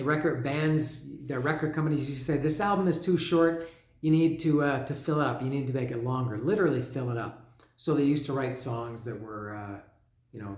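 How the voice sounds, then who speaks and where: A man's voice: medium pitch, reverberant. A man reviewing an album in a loose, rambling monologue, often restarting his sentences. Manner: rambling, many restarts and fillers, raps lyrics along. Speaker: music vlogger.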